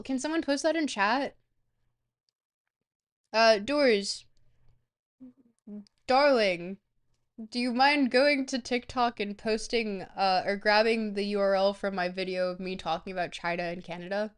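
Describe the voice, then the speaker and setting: A woman's voice: mid-range voice, fairly even intonation, normal speed, hardly any pauses, clean tone. A young woman streamer chatting casually and rambling as she reads out and answers viewer questions. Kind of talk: casual chat with a live stream audience.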